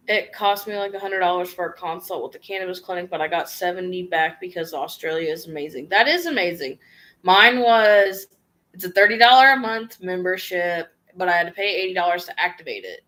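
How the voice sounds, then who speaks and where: During a casual livestream Q&A, a woman vlogger with a lowish, slightly bright voice reads out her viewers' questions. She tackles each one offhand, answering frankly in a chatty, slangy way.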